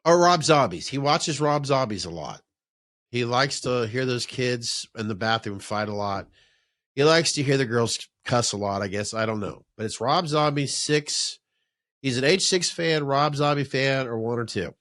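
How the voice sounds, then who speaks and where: Profane rambling podcast host, lively pitch. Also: male voice, normal speed, no room sound, clean studio sound. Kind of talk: casual chat. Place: man-cave podcast room.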